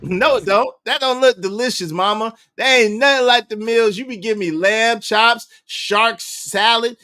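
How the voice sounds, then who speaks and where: A man's voice: extremely high pitch, moderate pace, pushed and bright, smooth, voice pushed up. A man mimicking a whiny spoiled little boy. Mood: whiny mocking. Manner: whining, mocking imitation. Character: whiny spoiled young boy complaining to his mother.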